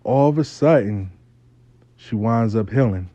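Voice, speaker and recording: A man's voice: fairly low pitch, a little slow, mellow, no room sound, muffled recording. A man telling a story in a casual, profane, streetwise way, speaking as host.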